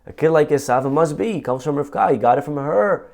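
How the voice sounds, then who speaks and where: A man's voice: a little high, animated, fast talker, vocal fry, darkish tone. Conversational man teaching a Torah class. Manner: conversational, rhetorical questions, quoting Hebrew texts. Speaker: rabbi teaching.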